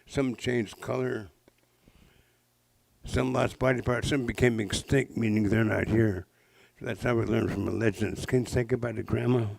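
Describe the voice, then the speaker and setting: A man's voice: medium pitch, steady tone, moderate pace, gravelly, a little mellow, low-quality recording. A man in his sixties from the Pacific Northwest, telling traditional legends to a live audience with playful jokes and questions. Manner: playful, interactive, jokey asides. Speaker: traditional storyteller. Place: public library talk.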